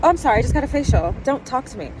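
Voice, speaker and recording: Woman putting on a high snooty diva voice, theatrical, far off with traffic behind. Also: very animated. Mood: haughty. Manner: theatrical, drawn-out "darling". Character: haughty posh diva woman, snooty and dismissive.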